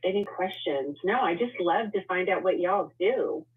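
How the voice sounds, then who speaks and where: A woman's voice: on the low side, lively intonation, normal speed, breathy edge. A woman introducing herself on a casual video call, friendly, with many ums and light laughs. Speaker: financial services guest. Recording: tinny phone-like call audio.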